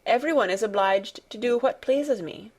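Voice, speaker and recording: A woman's voice: on the high side, normal speed, darkish tone, natural voice. A woman narrator voicing a sickly, spoiled ten-year-old boy who speaks indifferently and commandingly in an audiobook. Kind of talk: audiobook character reading.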